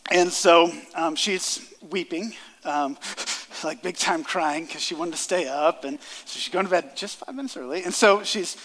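A man in his thirties preaching a sermon, earnest, rising loud on key lines and dropping soft. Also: fairly high pitch, measured pace. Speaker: pastor. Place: church sanctuary. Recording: long hall reverb.

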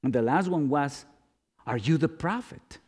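A man preaching a sermon, dramatic, swinging from loud questions to hushed, low-spoken lines. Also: animated, a little slow, breathy edge.

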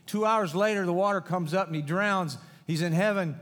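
Middle-aged man, folksy pastor preaching with jokes; higher voice, long reverb of a church hall. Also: normal speed, fairly bright tone. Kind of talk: sermon.

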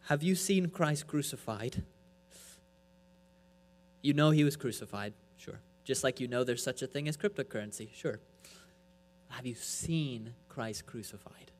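A man preaching a sermon from the pulpit, pressing his point with rhetorical questions and swinging between loud and soft. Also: mid-range voice. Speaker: pastor. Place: church. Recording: echoey hall with mains hum.

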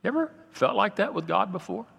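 A man pastor preaching a sermon, swinging from loud, raised passages to quiet asides. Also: high voice, sing-song, brisk, vocal fry, slightly rough, big-room sound.

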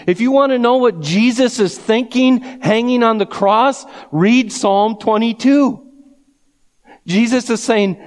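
A man's voice: high-pitched, a little slow. A man preaching a sermon, reading scripture aloud and building to fervent emphasis. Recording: long hall reverb.

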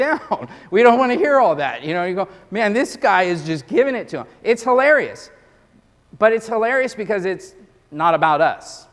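A male pastor giving a sermon in a conversational, joking storytelling manner. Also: sits high. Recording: long hall reverb.

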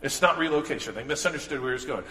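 A man's voice: on the high side, very fast, sharp tone. A man preaching a sermon in a conversational way, with asides and restarts, in a church. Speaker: pastor. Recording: echoey hall with long reverb.

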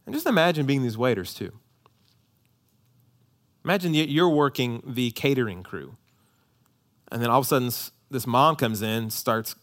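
A man preaching a sermon to his congregation. He is emphatic, repeats key lines in a steady preaching rhythm, and slips in light, joking asides. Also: mid-range voice, normal speed, long pauses. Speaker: pastor.

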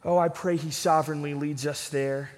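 A man's voice: a little high, steady tone, moderate pace, darkish tone. A man preaching a sermon as pastor in a church, earnest and pleading, with repeated emphasis. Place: church sanctuary with a congregation. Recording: long reverb of a church hall.

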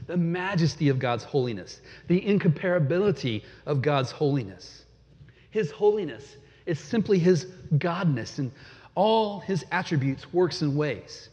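A man preaching a sermon, dramatic, swinging from loud emphasis to a hush. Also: a little high. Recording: dull, long hall reverb.

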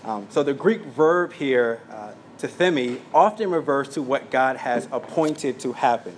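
A man delivering a verse-by-verse sermon, pausing on fillers and stepping into brief asides as he works through his notes. His voice sits at an ordinary middle pitch, with a faint hiss of room noise underneath. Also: expressive. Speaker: pastor.

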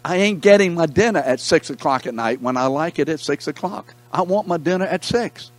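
A man's voice: a little high, lively intonation, brisk, no room sound, pitched above the performer's own voice, natural voice. A man voicing a grumpy middle-aged husband who complains indignantly that his dinner is late.

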